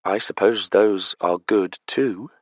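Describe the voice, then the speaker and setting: A man's voice: takes it slowly, no room sound. A man voicing a playful, spirited young vampire noblewoman in an audiobook, lilting and teasing. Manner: lilting, teasing, raised pitch. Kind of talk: audiobook character voice. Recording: dry close studio sound.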